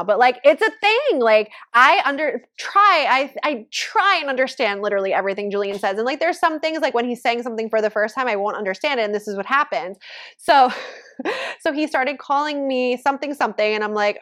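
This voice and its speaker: A woman's voice: fairly high pitch, fairly quick, a bit bright. A woman in her thirties hosting a podcast, chatting casually and saying "like" constantly. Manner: chatty, heavy use of "like". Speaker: podcast host. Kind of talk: casual chat.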